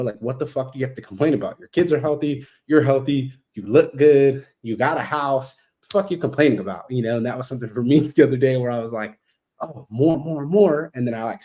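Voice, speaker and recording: A man rattling along quickly as a podcast guest. He talks in a blunt, animated way, swears freely, and slips into the voices of others as he retells conversations. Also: medium pitch. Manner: heavy swearing, blunt and animated, acts out quoted exchanges.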